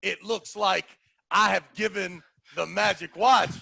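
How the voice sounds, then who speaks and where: A man's voice: high voice, unhurried, vocal fry, no echo. A man hosting a podcast, telling a story in casual chat and acting out the voices of the people in it. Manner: animated, acts out quoted voices.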